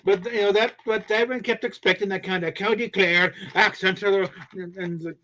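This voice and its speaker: A man talking casually on a live stream. His voice sits a little high, and he rambles, circling back with fillers and half-finished restarts. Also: steady tone, fairly quick, bright, forceful tone, muffled recording. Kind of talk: casual chat.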